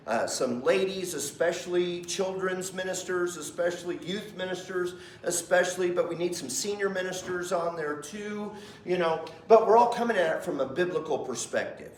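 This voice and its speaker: A middle-aged male pastor teaching a Sunday School class in a lively, conversational way, often putting questions to the class. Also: high-pitched, slight background noise. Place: church classroom. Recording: roomy echo.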